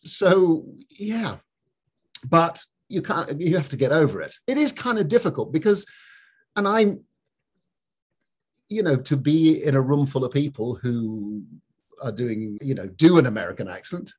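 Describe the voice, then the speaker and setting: A man's voice: on the high side, animated, normal speed, breathy edge. A middle-aged man from Scotland with a light Scottish accent, chatting as an actor guest, rambling and laughing often. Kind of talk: casual interview chat.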